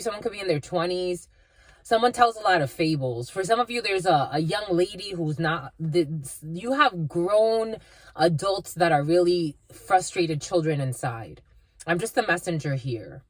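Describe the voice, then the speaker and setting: A woman's voice: lowish voice, no echo. A woman giving a casual spiritual reading, rambling with many fillers and restarts. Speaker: spiritual reader.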